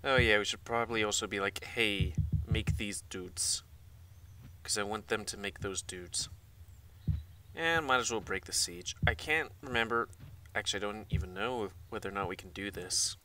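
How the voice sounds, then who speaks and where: A man's voice: lowish voice, moderate pace, bright, forceful tone, a little hiss or hum. A man giving rambling, casual let's-play commentary, muttering asides to himself and swearing now and then. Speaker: gaming channel host. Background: game music.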